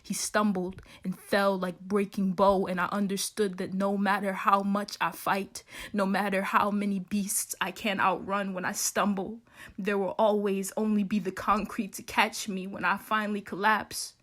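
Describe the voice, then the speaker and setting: A young woman recites spoken word poetry in a grave, measured way. Her pitch stays flat and steady throughout. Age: young adult.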